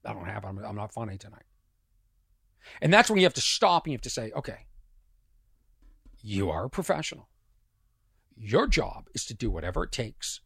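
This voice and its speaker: A middle-aged man with a strained voice, a comedian telling a rambling story on his podcast, dropping to mutters and rising loud again. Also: mid-range voice, vocal fry, husky, dry recording, studio quality. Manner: animated, swings from muttering to loud. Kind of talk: casual storytelling monologue.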